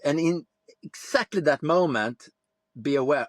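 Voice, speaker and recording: A man's voice: mid-range voice, moderate pace, no echo. Plain-spoken man, dry sound. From Sweden. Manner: reflective, plain-spoken, swears casually. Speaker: guest. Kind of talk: podcast interview.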